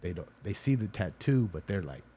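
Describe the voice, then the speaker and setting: Low-voiced guy on a podcast as guest, chill, kinda halting, faint background hum. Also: very animated, warm tone. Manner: laid-back, laughs often, halting phrasing. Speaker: guest tattoo artist. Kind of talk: casual interview chat.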